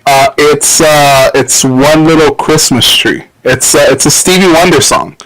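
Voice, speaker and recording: A man's voice: fairly high pitch, fairly even intonation, unhurried, a bit bright, rough recording. A man on a podcast talking in casual chat, stopping and restarting as he searches for his words. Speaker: podcast co-host.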